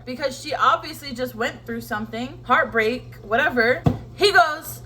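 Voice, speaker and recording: A woman's voice: sits high, moderate pace, bright, forceful tone. A young woman at home, ranting casually about a book she read, swearing freely and acting out lines from it. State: tired from cleaning. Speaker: book vlogger. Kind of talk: casual chat. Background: faint household sounds, washing machine running.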